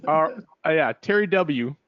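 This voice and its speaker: A man on a live webinar speaks in a hesitant, fumbling way and makes fun of himself. His voice is smooth and resonant and sits a little high. The audio is dull and lo-fi. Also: lively intonation, measured pace, fairly bright tone. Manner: hesitant, fumbling, self-deprecating. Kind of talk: casual live webinar chat.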